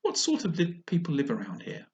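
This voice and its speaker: Man putting on a curious polite little girl, storybook read-aloud, high lively voice, lo-fi sound. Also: fairly quick.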